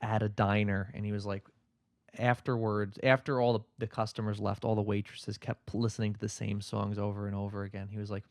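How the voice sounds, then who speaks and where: A man's voice: on the low side, little pitch movement, a little fast, no echo, studio quality. A man talking as a podcast guest in casual chat, hesitant and self-deprecating, with frequent restarts.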